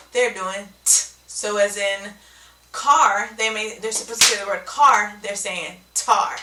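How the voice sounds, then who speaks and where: A woman's voice: medium pitch, echoey room, far from the mic, background noise. A woman teaching speech sounds in an instructional video, explaining step by step and often checking in with "okay?".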